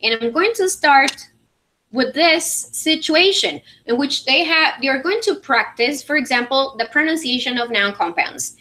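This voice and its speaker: A woman's voice: high-pitched, animated, a little slow, pushed and bright, slight background noise. A woman English teacher, presenting a demo at a conference and talking it through with frequent fillers and "all right?" checks. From Venezuela. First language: Spanish.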